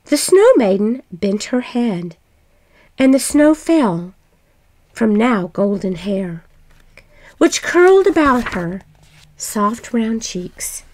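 A woman reads an old fairy tale aloud for listeners. Her reading is gentle and expressive. Her high voice swings widely, and she takes her time. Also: slow, long pauses. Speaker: storyteller.

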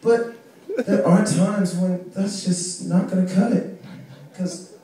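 A male stand-up comedian doing a set in a small club, telling stories in a profane, animated way and shouting out quoted lines. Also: high-pitched, takes it slowly. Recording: echoey club audio from far off.

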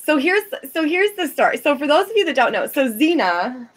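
A woman with a slightly high voice tells a story in loose podcast chat. She acts out what other people said and swears freely. Her telling is animated. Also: brisk. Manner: animated, profane, quoting others. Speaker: podcast co-host.

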